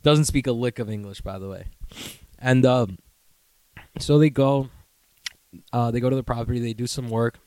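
A man's voice: medium pitch, moderate pace, long pauses, darkish tone, smooth, no echo. A young man from the New York area hosting a podcast, telling a rambling, profane story in casual chat and laughing as he goes. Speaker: podcast host.

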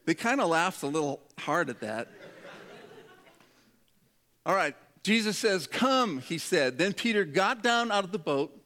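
A pastor preaches to his congregation in a joking, conversational way, voicing the people in his story as he goes. His voice is high-pitched and a bit bright, and his manner is humorous.

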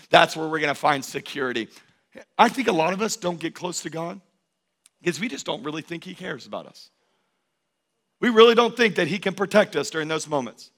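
Preacher guy, bright punchy voice, goes big and loud then drops real quiet, repeats lines like a chant. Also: on the high side. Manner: emphatic, swinging from loud declarations to hushed intimacy; repetitive, rhythmic preaching cadence. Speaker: pastor. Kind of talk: sermon.

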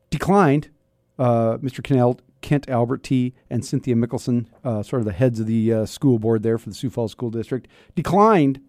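A man's voice: medium pitch, mellow, dry recording, studio quality. A man in his fifties hosting a radio talk show, chatting casually and wryly with many restarts, his throat a little scratchy. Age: 50s. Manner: chatty, self-interrupting, wry. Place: radio studio. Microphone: studio microphone.

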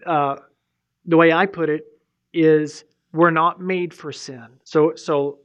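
Rambling pastor preaching casually. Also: male voice, a little high, steady tone, slow pace, fairly bright tone. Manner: rambling, informal, many fillers and restarts. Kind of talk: sermon. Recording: muffled lo-fi recording.

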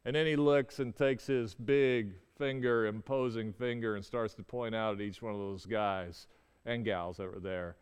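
A man telling a personal story in a halting way, with frequent stammered restarts. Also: lowish voice, steady tone, smooth. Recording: long reverberant hall.

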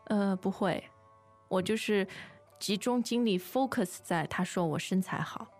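A woman's voice: medium pitch, a little slow, faint music behind. Woman teaching on a podcast. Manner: encouraging, agreeable, explains meaning patiently. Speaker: Mandarin teacher, co-host. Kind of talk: bilingual podcast lesson.

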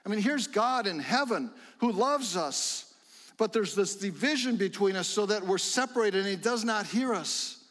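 A middle-aged man preaching a sermon in a church sanctuary, fervent and rising to excited exclamations. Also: high-pitched, moderate pace, in a large hall. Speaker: pastor.

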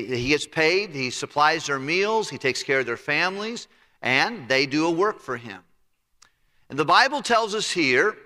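A male pastor preaching in a folksy, storytelling way, moving freely through a wide pitch range. His voice is bright and slightly high. The sound carries the long reverb of a church hall. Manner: folksy storytelling, retelling scripture in plain talk. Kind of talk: sermon. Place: church sanctuary.

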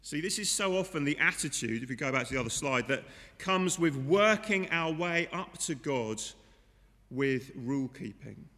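A man's voice: fairly high pitch, expressive, normal speed, bright, forceful tone, big-room sound. A man preaching a sermon in a conversational way, often asking his listeners rhetorical questions. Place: church.

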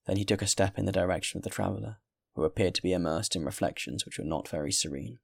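A male reader narrating a classic novel chapter by chapter. He reads in a steady, measured way. His voice sits very low and has a gravelly edge. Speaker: audiobook reader. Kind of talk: reading a classic novel aloud.

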